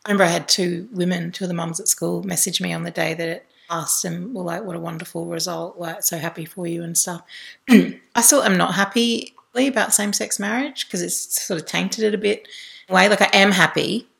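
A woman's voice: fairly low pitch, steady tone, fairly quick, gravelly, a bit bright. A woman in a casual chat, chatty and using many likes.

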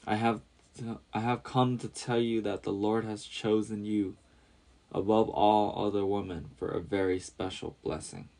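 A man voicing the angel Gabriel, a kind male messenger from heaven, speaking calmly and reassuringly in a storybook reading. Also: on the low side, moderate pace, vocal fry. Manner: calm and reassuring.

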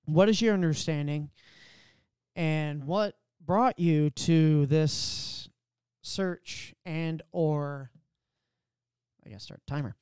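A man's voice: on the high side, slow pace, darkish tone, clear, resonant tone, no echo. A man hosting a casual faith podcast, who stumbles over his words and laughs at his own slips. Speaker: podcast host.

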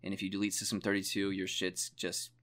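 A man's voice: low-pitched, monotone, a little fast, a bit bright. A young man co-hosting a casual chat, telling stories animatedly with lots of swearing and laughter. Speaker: podcast co-host.

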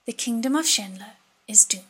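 A woman reading an audiobook voices an eerie white-clothed spirit with the voice of a young man, speaking slowly and gently as he taunts. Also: very high voice, lively intonation, breathy edge, full character voice. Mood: taunting.

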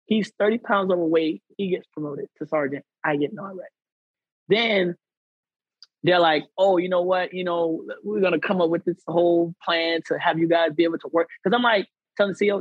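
Husky-voiced man telling a story. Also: high voice, moderate pace, no room sound, muffled recording. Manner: animated, acts out quoted people; conversational American slang. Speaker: podcast guest. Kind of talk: storytelling in a casual interview.

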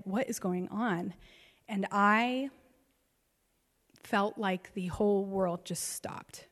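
A woman in her thirties, a pastor, telling a personal story in a sermon with emotional swings. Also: mid-range voice. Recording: long reverb of a large hall.

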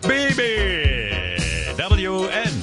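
A man hamming up a drawn-out old-school radio DJ. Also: sits high, wildly swooping pitch, loud music behind the voice, pitched above the performer's own voice, heavily acted. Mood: hammy. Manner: drawn-out slow station call.

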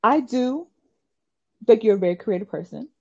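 A woman in her twenties co-hosting a podcast, telling stories in an animated, giggly way. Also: on the high side, moderate pace, slightly rough, muffled recording. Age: 20s. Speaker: podcast co-host. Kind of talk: casual chat.

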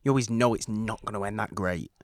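A man's voice: on the low side, quick pace, no room sound, studio quality. A man co-hosting a casual film podcast, thinking aloud and often restarting his sentences. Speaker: podcast co-host.

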